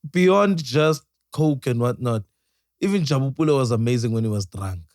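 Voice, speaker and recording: A man's voice: mid-range voice, expressive, normal speed, darkish tone, dry recording, clean studio sound. A man chatting casually on a podcast, riffing playfully on wild ideas. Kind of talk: casual chat.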